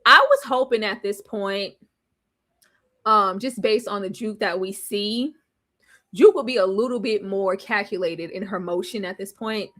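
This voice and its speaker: A woman reviewing a TV show in casual recap chat, animated and laughing often as she acts out quotes. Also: medium pitch, measured pace.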